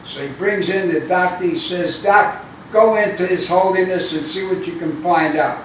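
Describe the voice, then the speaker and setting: Man, joke teller, high voice, acts out characters' lines, distant mic, very echoey room. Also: moderate pace, slight background noise. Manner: acts out characters' lines with raised voice, laughs at own punchlines. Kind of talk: telling dirty jokes.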